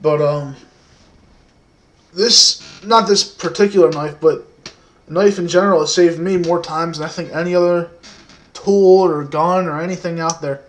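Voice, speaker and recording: A man in his twenties telling a story casually to the camera, soft-spoken and rambling, with many fillers. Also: fairly high pitch, fairly even intonation, moderate pace, slight background noise.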